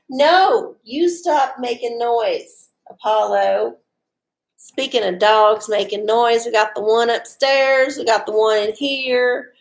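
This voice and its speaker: A woman's voice: a little high, slow, vocal fry. A woman hosting a casual livestream from home, chatty and profane, often laughing. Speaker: livestream host doing oracle readings. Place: home with dogs.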